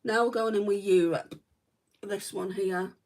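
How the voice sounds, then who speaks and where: Chatting away during a makeup livestream, this beauty vlogger from northwest England rambles in a northern accent, full of "right" and "like". Her medium-pitched voice is steady, a little mellow and a touch slow, and she sits far from the microphone.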